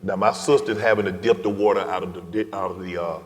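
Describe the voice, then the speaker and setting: This middle-aged guest speaker, low and deep-voiced, talks fast with fairly even intonation while sharing a personal story at an event. His delivery ranges from loud to nearly whispered, echoing with the long reverb of a large hall.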